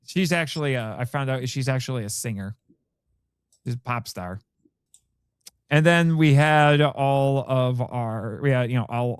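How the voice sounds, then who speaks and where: Chatty man with a smooth, dry voice. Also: mid-range voice, no room sound. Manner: chatty, reads out cast names while looking things up. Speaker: podcast co-host. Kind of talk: casual podcast chat about films.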